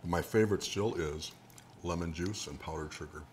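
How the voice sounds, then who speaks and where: A man's voice: low voice, normal speed, a little mellow, slight background noise. A man with an Upper Midwest American accent, a guest cook explaining food in an easygoing casual chat.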